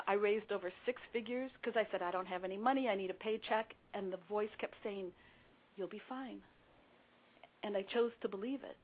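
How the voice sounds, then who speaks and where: Older woman guest, emphatic storyteller, mid pitch, narrow phone-line sound. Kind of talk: radio interview storytelling.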